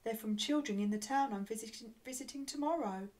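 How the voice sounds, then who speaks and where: A woman voicing a cheerful old Santa Claus in a storybook, speaking warmly and slightly lower than her own voice. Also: a little fast, close to an everyday voice.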